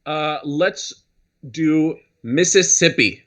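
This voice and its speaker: A man joining a live stream as co-host, making dry jokes with halting restarts. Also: a little high, fairly bright tone. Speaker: co-host guest.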